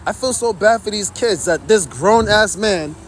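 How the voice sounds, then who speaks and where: A man's voice: high voice, normal speed, a bit bright, a little hiss or hum. A man livestreaming outdoors from his phone, indignantly commenting to his chat in a repetitive way.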